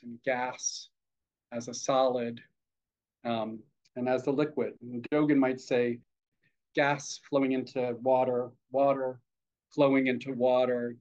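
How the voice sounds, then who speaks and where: A man who teaches Zen, giving a dharma talk in a reflective, hesitant way, with many fillers and gentle humor. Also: mid-range voice. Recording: dull lo-fi podcast audio.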